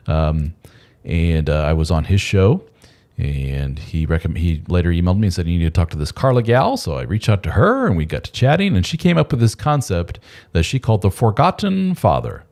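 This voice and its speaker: A man's voice: low-pitched, a little mellow. A man hosting a casual live stream, talking in a loose, rambling and candid way with mild swearing. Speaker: host of a men's support channel.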